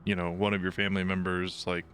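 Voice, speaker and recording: A man with a very low voice, playing a tabletop role-playing game. He talks in a relaxed, easygoing way. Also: fast, a little hiss or hum. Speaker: player. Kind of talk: casual tabletop play.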